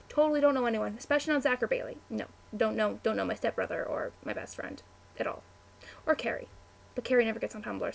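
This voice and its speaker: A woman's voice: fairly high pitch, gravelly. A chatty young woman, answering a word-list meme on webcam, easily distracted and full of "like" and "um". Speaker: vlogger.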